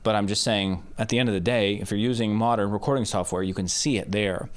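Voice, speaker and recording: A man's voice: fairly low pitch, fast. A man explaining step by step how he records vocals, speaking into a handheld mic about a foot away in a treated studio. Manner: explains step by step, with loud sung test shouts. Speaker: music producer teaching recording. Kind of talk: casual tutorial demonstration. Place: treated home studio with curtains and rock wool. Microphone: handheld dynamic mic about a foot away.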